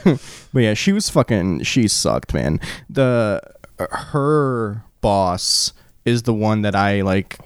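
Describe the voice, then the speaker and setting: A man's voice: on the low side, animated, takes it slowly, clear, resonant tone, no room sound, clean studio sound. A man in his thirties, co-hosting a casual podcast in a laid-back, joking way, laughing often and swearing. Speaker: podcast co-host. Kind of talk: casual chat.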